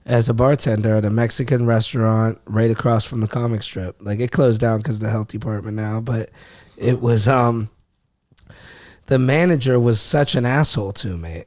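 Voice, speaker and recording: A man's voice: mid-range voice, moderate pace, darkish tone, dry recording. A young man from Ohio, a comedian, telling a story in casual podcast talk, acting out quotes and swearing freely. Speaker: comedian guest.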